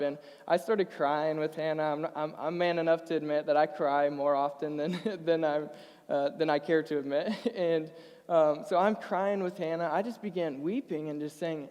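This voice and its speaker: A young man with a high voice preaches to his church, earnest and emotional, often stumbling over his words and laughing lightly. His voice rings with the long reverb of a large church hall. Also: a little mellow. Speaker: pastor. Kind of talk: sermon with personal story.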